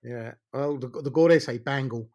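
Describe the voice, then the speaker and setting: A man's voice: mid-range voice, measured pace, darkish tone. A man in his forties with an Essex accent, a solicitor telling jokey stories as a podcast guest, with many fillers and restarts. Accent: Essex English. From England. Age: 40s. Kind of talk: casual podcast interview.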